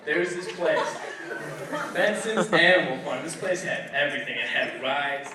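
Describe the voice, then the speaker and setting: A man's voice: on the high side, normal speed, a crowd in the background. A young man doing a stand-up comedy set, telling stories with acted-out quotes. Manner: hyped storytelling, acting out quotes. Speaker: stand-up comic. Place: live comedy venue. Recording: echoey hall from far off, loud noise.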